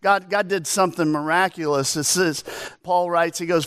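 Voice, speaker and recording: A man preaching a sermon as pastor, animated, telling stories and asking rhetorical questions. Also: fairly high pitch, moderate pace, clear, resonant tone, no room sound.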